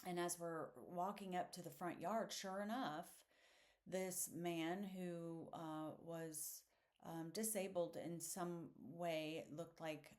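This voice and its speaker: A man talks through a personal story on his podcast, taking his time over each phrase. He is reflective and hesitant, with plenty of fillers, yet earnest and heartfelt throughout. His delivery is slow and deliberate. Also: a little high. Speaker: podcast host.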